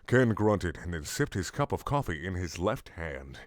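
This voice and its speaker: Man, comedic fan-fiction reading, low voice, very lively pitch, dry close mic. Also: normal speed, dry recording. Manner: jumps between put-on voices, sudden shouts. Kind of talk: mock dramatic reading.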